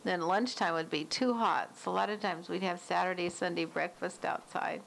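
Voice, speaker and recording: A woman's voice: fairly low pitch, fairly even intonation, moderate pace, gravelly, fairly bright tone, a little hiss or hum, low-quality recording. An older woman casually narrating old family home movies, recalling details in a chatty way. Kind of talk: casual reminiscing.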